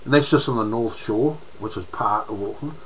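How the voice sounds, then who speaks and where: A man's voice: on the low side, normal speed, background noise. A man with a New Zealand accent, rambling in a casual monologue to camera as a political vlogger, restarting his sentences often and using slang.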